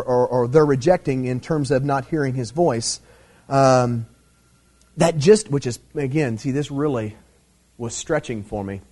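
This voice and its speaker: Guy preaching a sermon, kinda husky, voice sits a bit high and jumps all over, keeps saying "see" and "man". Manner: animated preaching with emphatic swings in pitch and loudness, frequent "see" and "man". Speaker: pastor.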